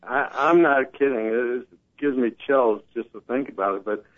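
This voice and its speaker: A man of middling pitch tells his stories with earnest passion, often slipping into the voices of the people he quotes. His voice comes through a tinny phone line that strips away its body. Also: normal speed. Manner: earnest, animated storytelling, quotes others. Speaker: guest. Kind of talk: casual talk show conversation.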